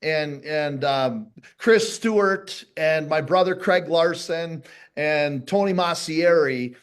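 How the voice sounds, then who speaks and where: A man's voice: fairly high pitch, slow, clear, resonant tone. A man hosting a casual hockey podcast, chatty, repeating words and laughing easily. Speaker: podcast host. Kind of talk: casual interview chat.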